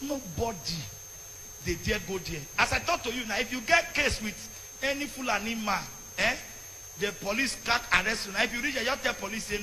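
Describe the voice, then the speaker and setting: A Nigerian man preaching with fiery passion, often breaking into shouts and pidgin. His voice sits very high and sounds sharp and piercing. A faint hiss runs under the recording. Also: normal speed, long reverb tail. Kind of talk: impassioned sermon rant.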